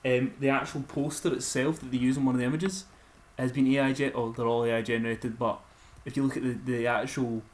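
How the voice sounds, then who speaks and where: A man's voice: medium pitch, flat delivery, fairly quick, a little mellow. Wry man reading out web text. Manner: wry, reads text aloud with mock emphasis. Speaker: podcast co-host. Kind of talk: casual chat.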